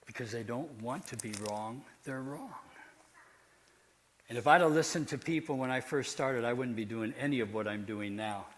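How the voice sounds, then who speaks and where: A man's voice: mid-range voice, normal speed, a little hiss or hum. A man preaching to a live audience, telling a story in an earnest, emphatic way. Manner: earnest, emphatic speaking to a crowd. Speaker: preacher and ventriloquist.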